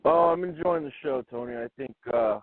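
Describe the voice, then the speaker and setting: A man on a call-in line who speaks calmly and earnestly, pausing on fillers. His voice sits in a middle range and sounds dry. The line is thin and phone-like. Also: medium pitch, no echo. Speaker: caller.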